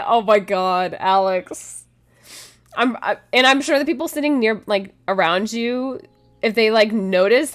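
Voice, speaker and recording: A woman streaming a game, chatting casually with her viewers, giggling often and restarting her sentences. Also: medium pitch. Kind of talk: casual chat with chat.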